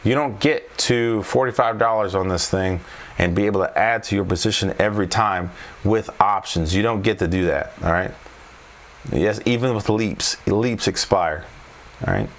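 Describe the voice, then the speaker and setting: A man's voice: lowish voice, moderate pace. A trading coach talking through stock charts off the cuff, thinking aloud and checking in with his viewers after every point. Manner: thinks aloud, repeats tag questions. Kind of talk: unscripted chart walkthrough.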